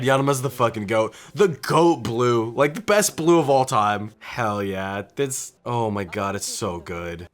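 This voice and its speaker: Excitable young man reacting, lively pitch. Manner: excited, swears often, laughs a lot. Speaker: reaction video host. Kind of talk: casual reaction commentary.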